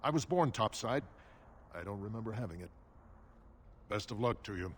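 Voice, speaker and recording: A man's voice: on the low side, animated, normal speed, a little hiss or hum, natural voice. A man voicing a wry, bitter dwarf merchant. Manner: wry, resentful, politely guarded. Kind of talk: video game voice acting.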